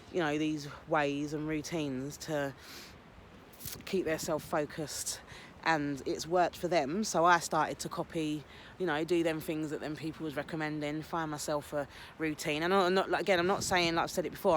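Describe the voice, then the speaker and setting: A man's voice: fairly high pitch, a bit bright. A man giving an earnest, rambling motivational talk about his morning routine. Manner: earnest, rambling, emotional, repeats himself. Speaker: motivational vlogger. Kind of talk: casual motivational monologue. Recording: noisy home recording.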